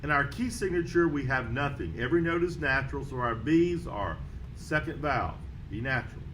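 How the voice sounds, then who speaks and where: A male band teacher walks a beginner through a trumpet method book, counting in and calling note names in a steady, patient rhythm. His voice sits in an ordinary middle pitch. A faint noise floor runs under the recording. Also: fairly quick, poor audio. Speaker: music teacher.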